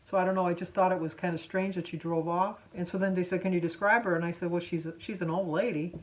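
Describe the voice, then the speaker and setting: A woman's voice: fairly low pitch, fairly even intonation, quick pace. Chatty woman in her seventies. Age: 70s. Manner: chatty, rambling, full of fillers and restarts. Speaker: vlogger. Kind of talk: casual storytelling vlog.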